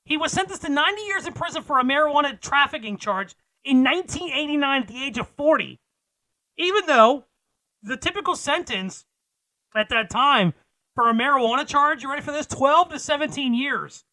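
Male podcast co-host, bright and punchy, teases each news beat; dry studio sound. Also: extremely high pitch, expressive, brisk, no room sound, rough recording. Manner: teasing, with dramatic build-ups. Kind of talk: casual podcast news chat.

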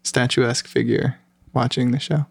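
A young man co-hosting a podcast in casual chat, with a deadpan delivery and dry quips. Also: medium pitch, moderate pace, creaky, husky, dry recording. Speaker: podcast co-host.

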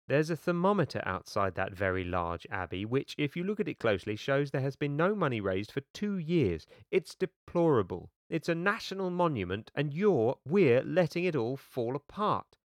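A man's voice: medium pitch, very animated, moderate pace, hardly any pauses, no room sound, studio quality, pitched above the performer's own voice. A man reading the lines of an enthusiastic woman who organizes a dinner party, in an emphatic, declaring manner. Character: brisk middle-aged woman organizer, enthusiastic.

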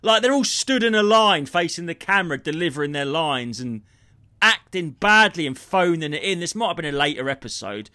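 Animated, bright-voiced comedian ranting. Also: male voice, on the high side, fairly quick, dry recording, studio quality. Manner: sweary, ranting, jumps between impressions and storytelling. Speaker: comedian podcast co-host. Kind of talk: casual comedy chat.

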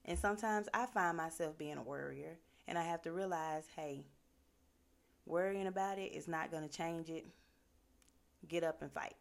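Earnest low-voiced woman giving motivational talk. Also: moderate pace, vocal fry. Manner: earnest, conversational, many fillers like "like". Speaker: motivational speaker.

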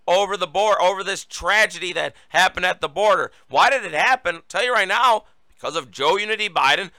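Combative talk host, bright tense voice. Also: male voice, sits high, clear, resonant tone, no room sound. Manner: sarcastic, combative, reads headlines aloud. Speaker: political talk show host. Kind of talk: opinionated political commentary.

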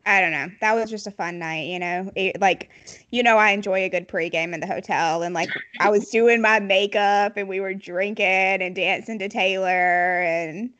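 A woman with a Southern US accent hosts a casual podcast. She tells stories in a chatty way, laughing often, with a mid-range pitch. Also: steady tone, moderate pace, fairly bright tone. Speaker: podcast host. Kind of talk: casual chat.

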